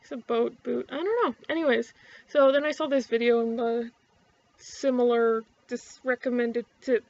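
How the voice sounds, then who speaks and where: A woman's voice: fairly high pitch, steady tone, normal speed, a little mellow, lo-fi sound. A young woman with an Ottawa-area Canadian accent, chatting casually to camera in a rambling, sweary way, full of fillers and restarts. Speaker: vlogger.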